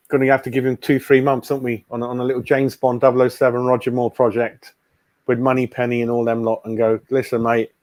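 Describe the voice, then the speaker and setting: A man's voice: medium pitch, darkish tone, no echo. A man hosting a casual fan live stream, chatting bluntly and calling everyone mate. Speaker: fan channel host.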